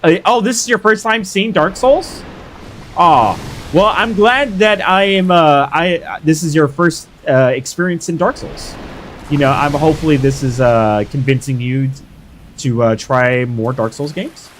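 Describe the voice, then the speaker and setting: Young man, game streamer, hyped, slightly high voice, chatty with viewers. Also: unhurried, a little hiss or hum. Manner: excitable, hyped shouts while fighting. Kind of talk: live gameplay commentary chatting with viewers.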